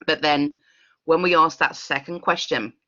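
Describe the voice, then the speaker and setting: Bright woman leading a workshop. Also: sits low, lo-fi sound. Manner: expressive, earnest, with quick laughs. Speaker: workshop facilitator. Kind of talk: online workshop talk. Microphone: video call.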